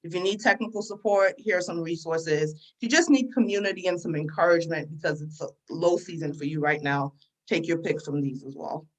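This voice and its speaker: A woman's voice: lowish voice, a little fast, rough recording. A woman from Sierra Leone with an American accent, answering interview questions in an earnest, conversational way. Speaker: guest entrepreneur.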